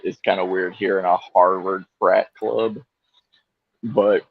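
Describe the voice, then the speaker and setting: A man co-hosts a casual live-stream chat, drawling along at an unhurried pace and breaking into laughter often. His voice is husky and the sound is dry and a little dull and muffled. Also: lowish voice, no echo. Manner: laughs often, drawn-out rambling talk. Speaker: co-host of a live survival chat show.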